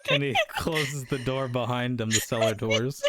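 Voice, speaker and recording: A man's voice: medium pitch, fairly even intonation, moderate pace, noisy background. A man running a tabletop game as dungeon master, narrating and voicing characters with a playful, laughing manner. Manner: playful, laughing often, voices NPCs.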